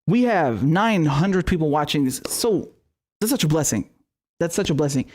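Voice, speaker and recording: A man's voice: on the high side, animated, moderate pace. A man hosting a live-streamed political commentary show, ranting in a heated, profane way.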